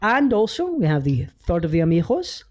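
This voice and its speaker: A man's voice: sits high, wildly swooping pitch, fairly quick. A man with a Scottish accent hosting a casual podcast, joking around, swearing and laughing often. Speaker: podcast host.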